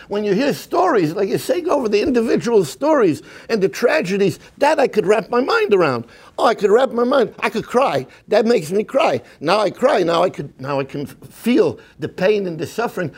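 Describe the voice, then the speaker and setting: A man's voice: high voice, husky. A man giving an impassioned sermon-style lecture at a community program, often stammering and restarting, with many Hebrew and Yiddish terms.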